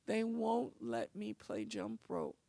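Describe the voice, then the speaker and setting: A woman's voice: medium pitch, wildly swooping pitch, takes it slowly, creaky, dark tone, no room sound, full character voice. A woman voicing a tearful, distressed little girl with a plaintive manner. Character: tearful little girl, upset best friend.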